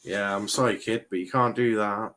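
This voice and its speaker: A man's voice: lowish voice, steady tone, normal speed, a bit bright, poor audio. A young man from England doing a casual live football watchalong, bantering with chat in mock outrage and often restarting his sentences. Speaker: watchalong streamer.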